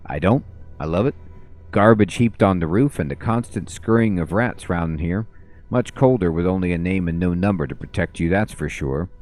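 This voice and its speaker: A man's voice: low voice, moderate pace, a little mellow, close to an everyday voice. A man reading lines for an eerie older woman in a game, in a sing-song, cooing voice. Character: eerie older woman with a tattoo, hoarding secret names.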